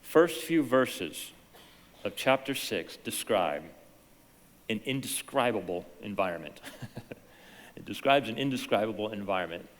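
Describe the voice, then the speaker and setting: A man preaching a sermon as pastor, telling stories in an animated way that swings from hushed to loud. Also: lowish voice, unhurried, pauses often, long reverb tail. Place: church sanctuary.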